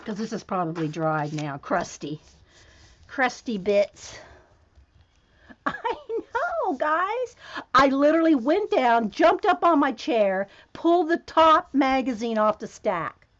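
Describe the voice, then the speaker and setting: A woman hosting a casual crafting vlog, chatting to her viewers as she works and getting excited by what she finds. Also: on the high side, measured pace, lo-fi sound. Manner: chatty, excitable, talks to viewers while working. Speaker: craft video host.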